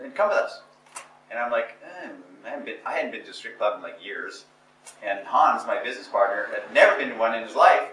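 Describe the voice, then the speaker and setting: A motivational seminar speaker addresses a group at a talk venue in Portugal, his mid-range, fairly bright voice captured from afar in a roomy space with faint ambience and slight background noise. He is blunt and emphatic, restarting sentences and repeating phrases.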